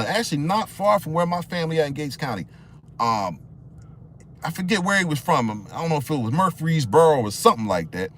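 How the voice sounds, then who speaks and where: A vlogger from the Philadelphia area gives casual spoken commentary, firing off rhetorical questions in loose, slangy talk. His voice swings from a low murmur up to excited high notes.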